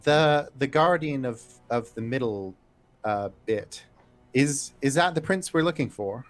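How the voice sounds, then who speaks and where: A man speaks as a player at a tabletop game in a mid-range voice, polite and quick to laugh. He hesitates and restarts as he thinks aloud. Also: medium pitch, lively intonation, soft background music.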